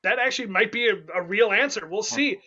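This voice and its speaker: A man hosting an online improv comedy game, playful and quick, with laughing asides. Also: high-pitched, pushed and bright, lo-fi sound.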